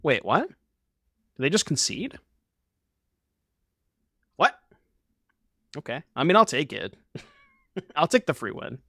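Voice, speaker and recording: A man's voice: on the high side, very animated, slow pace, pauses often, pushed and bright, slightly rough, dry recording, clean studio sound. A young man streaming a card game, chatting casually and rambling to his viewers with the odd swear.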